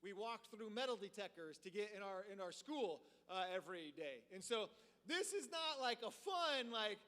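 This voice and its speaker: A man tells a story from the pulpit, lively and loose, his sentences full of filler words. His voice sits high and sounds bright. The sound rings in a large, reverberant church hall. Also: normal speed. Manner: animated, heavy use of filler words. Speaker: preacher. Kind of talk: storytelling sermon. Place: church sanctuary.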